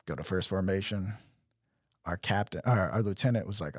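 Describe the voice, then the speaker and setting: A man's voice: deep voice, animated, quick pace, breathy edge, dry recording, clean studio sound. A young man telling stories in casual podcast chat, acting out quotes in different voices. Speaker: podcast co-host.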